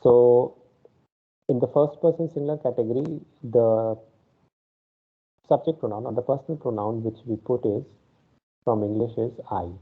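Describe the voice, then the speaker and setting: Husky male teacher on a video call. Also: mid-range voice, normal speed, long pauses. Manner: explains step by step, often says okay. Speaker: Spanish teacher. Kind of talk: online class lecture. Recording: phone-like online class audio.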